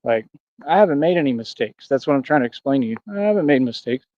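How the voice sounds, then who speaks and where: A man's voice: mid-range voice, expressive, fast, darkish tone, no echo, muffled recording. Rambling aggrieved man on a livestream. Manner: rambling, aggrieved, preachy, slangy. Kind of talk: casual livestream rant. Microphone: streaming mic.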